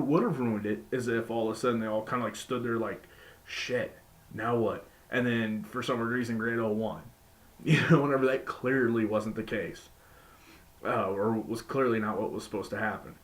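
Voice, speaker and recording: A man giving a casual spoken review of a wrestling show, rambling with many fillers and restarts, and acting out quotes in sudden high-pitched voices.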